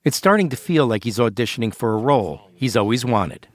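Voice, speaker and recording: A man hosting and narrating a documentary podcast in a measured, scripted storytelling way. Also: medium pitch, animated, no room sound.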